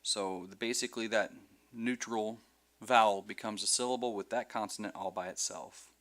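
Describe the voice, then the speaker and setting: A man's voice: lowish voice, fairly even intonation, normal speed, fairly bright tone. A man teaching a Hebrew class over a video call, patiently repeating each word for his students.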